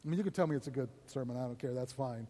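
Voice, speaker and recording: A man's voice: medium pitch, very fast, warm tone, long reverb tail. A man preaching a sermon in a conversational way. He keeps checking in with the congregation and laughs between points. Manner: conversational, asks the congregation "right?" often. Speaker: pastor.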